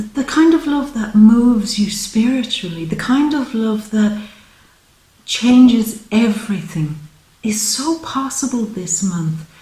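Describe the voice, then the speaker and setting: Slow, heartfelt woman reading tarot. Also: mid-range voice, dark tone, roomy sound, poor audio. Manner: slow, heartfelt, spiritual talk. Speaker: tarot reader. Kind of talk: monthly tarot reading to camera.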